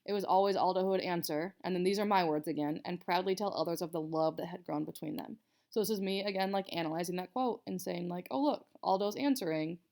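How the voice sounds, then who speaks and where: A young woman teacher explains a writing assignment to her students in a casual recorded lesson, chatting loosely and using lots of fillers. Her voice sits on the low side, gravelly and slightly dark, and she talks quickly.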